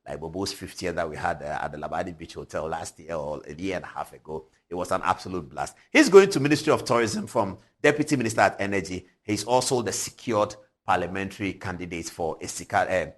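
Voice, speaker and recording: A man in his forties with a Ghanaian English accent, hosting a TV show, telling stories with animated energy and frequent chuckles. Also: sits low, fast talker, few pauses. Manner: animated, chuckling, swings from loud to hushed. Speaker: TV show host. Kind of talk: lively commentary and storytelling. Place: TV studio.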